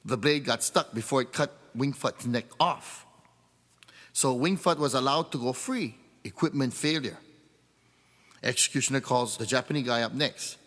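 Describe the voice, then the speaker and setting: A man's voice: mid-range voice, normal speed, fairly bright tone, big-room sound. A man doing stand-up, telling jokes in a pidgin-flavored storytelling voice. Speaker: comedian. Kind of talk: stand-up joke telling with sung refrains.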